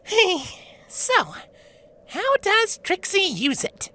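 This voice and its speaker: A woman's voice: very high-pitched, wildly swooping pitch, extremely slow, bright, forceful tone, full character voice. A woman voicing a boastful, showy female unicorn mare in a fanfiction reading, who talks about herself in the third person and exclaims dramatically. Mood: excitable.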